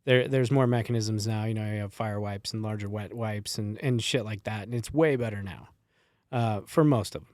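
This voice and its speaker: A man's voice: on the low side, normal speed, darkish tone, dry recording, clean studio sound. A middle-aged man telling stories as a podcast guest, laid-back and laughing, swearing freely as he talks. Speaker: guest, former wildland firefighter. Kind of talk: casual podcast storytelling.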